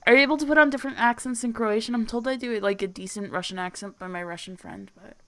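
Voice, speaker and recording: A woman co-hosting a podcast in casual chat, relaxed and teasing, laughing easily. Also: on the high side, fast talker. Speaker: podcast co-host.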